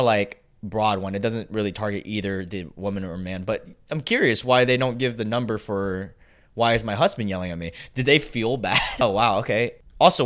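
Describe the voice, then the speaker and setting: A young man hosting a casual reaction video, chatty and excitable, laughing often between lines. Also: fairly low pitch. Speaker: YouTube host.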